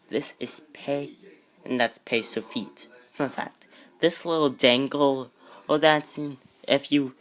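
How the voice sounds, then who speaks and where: A man walks through an alphabet lesson at a slow, easy pace. He talks casually, breaks off to correct himself and drops playful asides between points. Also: medium pitch. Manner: unhurried, self-correcting, with jokey asides. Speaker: amateur teacher.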